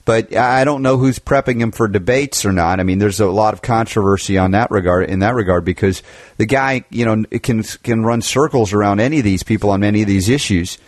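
A man's voice: lowish voice, a little fast, dry recording, studio quality. A man hosting a political talk radio show, chatting with a guest in an opinionated, rambling way with many restarts.

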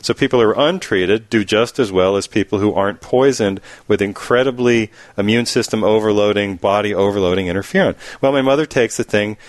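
A man hosting a talk radio show, telling a story in an animated, rambling, emphatic way. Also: on the low side, fairly quick, hardly any pauses, no echo. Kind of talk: casual talk radio chat.

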